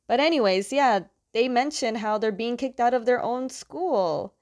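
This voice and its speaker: A woman's voice: a little high, measured pace, darkish tone. A young adult woman casually recapping a story's plot in a loose, chatty way, with lots of fillers. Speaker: comic book reviewer.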